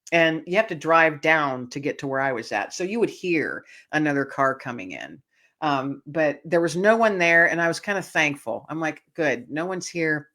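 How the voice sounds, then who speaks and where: This is a woman with a low-pitched voice, speaking as a guest in an interview. She tells a personal story in an animated way, laughs often, and stops to restart her sentences with fillers. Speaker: guest author.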